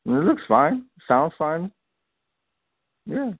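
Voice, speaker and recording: A filmmaker guest talks in a radio interview by phone, and the line comes through dry and tinny without room sound. His voice is on the high side, sing-song and breathy-edged, and he takes it slowly, chatting loosely, repeating himself and laughing a lot.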